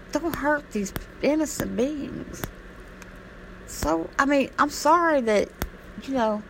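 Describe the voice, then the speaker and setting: A woman's voice: fairly high pitch, gravelly, slight background noise, rough recording. A woman talking straight to camera in a casual vlog, blunt, rambling and impassioned, swearing freely. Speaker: vlogger. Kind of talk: casual monologue.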